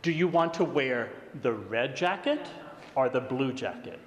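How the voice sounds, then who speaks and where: A middle-aged man preaching a sermon, reading scripture and acting out the quotes in a lively, high voice. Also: measured pace, slight background noise. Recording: long hall reverb.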